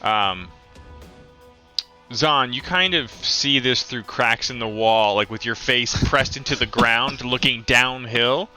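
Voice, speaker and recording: Slow, halting man narrating as dungeon master. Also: medium pitch, sharp tone, soft background music. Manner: halting, many ums and uhs. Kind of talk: narrating a tabletop game.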